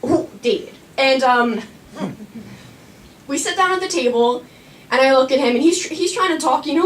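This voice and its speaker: A woman's voice: high voice, expressive, normal speed, long pauses, far from the mic, a little hiss or hum. A young woman telling a personal story live on a small stage, chatty with lots of "like" and frequent laughter.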